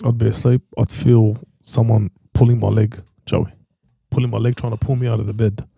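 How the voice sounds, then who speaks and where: An Australian man hosts a podcast in an easy, casual way, hammering his points home with slang and repetition. His voice is gravelly and fry-laden, with a very dark, mellow tone and a dry, close sound. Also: lowish voice, flat delivery, fairly quick, no room sound. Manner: emphatic, slangy, repeats himself for stress. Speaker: podcast host. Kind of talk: casual chat.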